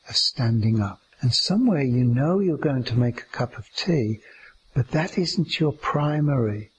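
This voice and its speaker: A man giving a slow, meditative teaching talk about staying aware in each moment, drawing out his words gently. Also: mid-range voice, a little hiss or hum, rough recording.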